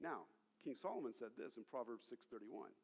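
A man preaching a sermon as pastor, rallying the congregation and calling on them to shout back. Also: medium pitch, animated, a little fast, breathy edge. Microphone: handheld or stage mic. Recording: long reverb of a large hall.

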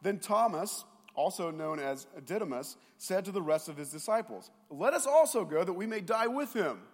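A male pastor preaching a sermon, retelling scripture in an animated way and mimicking sarcastic and doubting voices. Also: sits high, moderate pace, hardly any pauses. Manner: animated storytelling, mocking voices of doubters, sometimes shouting. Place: church sanctuary. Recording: long hall reverb.

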